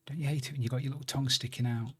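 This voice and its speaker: A man's voice: mid-range voice, fairly even intonation, racing, fairly bright tone, a little hiss or hum. A man chatting casually and joking at his own expense while he streams a video game. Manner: chatty, self-deprecating banter. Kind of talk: casual live-stream commentary while gaming.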